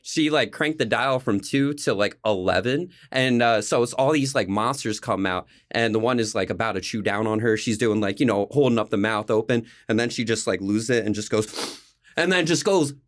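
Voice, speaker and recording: A man's voice: lowish voice, normal speed. A man co-hosting a casual podcast, retelling cartoon scenes with acted-out quotes and frequent laughter. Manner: animated storytelling, acts out cartoon quotes, laughs often. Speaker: podcast co-host.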